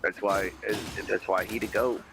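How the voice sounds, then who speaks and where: A man's voice: deep voice, fairly even intonation, unhurried, noisy background. A man from Kentucky hosting a casual livestream chat, profane and jokey, often mimicking other people. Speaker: podcast host.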